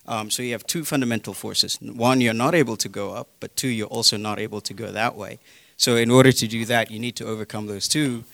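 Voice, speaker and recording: A man's voice: on the low side, gravelly, a bit bright, no room sound. A man with a British accent explaining the physics of flight in a casual, hesitant way with frequent fillers. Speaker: guest explaining science.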